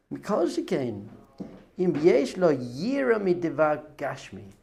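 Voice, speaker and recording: A rabbi giving a Torah class, animated, acting out other people's voices with gasps and whispers. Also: male voice, fairly high pitch, moderate pace, gravelly. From not American.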